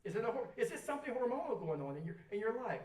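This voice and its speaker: A woman's voice: on the high side, big pitch swings, very fast, darkish tone. A woman speaking at a rally, coaching the audience and asking them to repeat her lines. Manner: repetitive, coaching, has the crowd repeat lines. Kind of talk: motivational talk to an audience. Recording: echoey hall, voice far from the mic.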